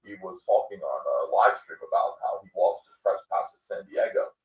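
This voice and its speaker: A man's voice: low voice, moderate pace, dull audio. A man hosting a livestream podcast, ranting in casual commentary with lots of fillers and mocking quoted voices. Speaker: podcast host. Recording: echoey room, distant mic.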